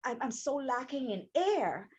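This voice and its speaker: A woman, a stroke survivor telling her story as an interview guest in a rambling, animated way with many restarts. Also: sits high, a little slow, slightly rough, lo-fi sound. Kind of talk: casual interview chat.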